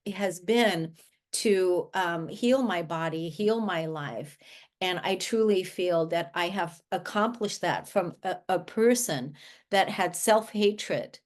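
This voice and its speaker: This guest is a woman with a lowish, slow voice, a life coach in a conversational interview. Her earnest delivery keeps breaking into restarts and filler words.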